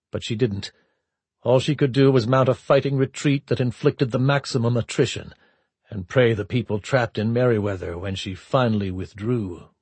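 Husky man narrating an audiobook. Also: lowish voice, darkish tone, dry recording. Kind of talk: scripted narration.

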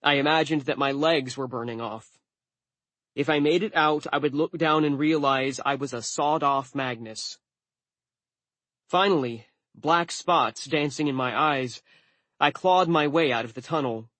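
A man's voice: a little high, a little slow, fairly bright tone, no room sound. Man narrating an audiobook, dry and wry. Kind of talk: first-person audiobook narration.

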